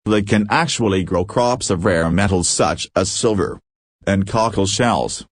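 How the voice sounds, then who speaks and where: Pompous alien leader, male, low and dry, read by a man. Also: unhurried, no echo. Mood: commanding. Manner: commanding, self-important. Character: pompous giant-brained male alien leader, easily alarmed.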